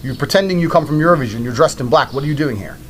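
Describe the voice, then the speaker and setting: A man's voice: a little high, animated, very fast, a bit bright, slight background noise. A man voicing a stern soldier who fires blunt, accusing questions at suspects.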